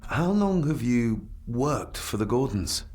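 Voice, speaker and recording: An actor playing a polite, formal young gentleman in a game. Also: medium pitch, very animated, slow.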